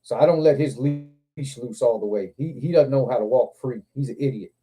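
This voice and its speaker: Dark-voiced profane storytelling man. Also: mid-range voice, fairly quick, breathy edge. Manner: profane, animated storyteller, acts out quotes. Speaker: show host. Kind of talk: casual storytelling chat. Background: other men on a livestream hangout.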